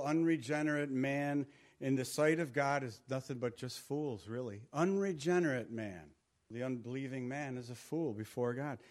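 Man preaching a conversational sermon. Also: fairly high pitch. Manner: conversational preaching with emphatic repetition. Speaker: pastor.

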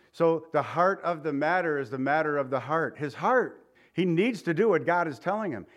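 A man preaching a sermon, animated and acting out the voices he quotes. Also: a little high. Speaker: pastor.

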